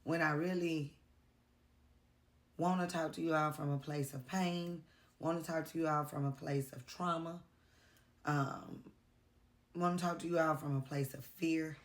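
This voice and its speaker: A woman vlogger speaking earnestly to her camera in a heartfelt, confessional way, pausing often. She sounds tired and worn out. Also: deep voice, fairly even intonation. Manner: earnest, confessional, with pauses and fillers. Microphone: camera mic.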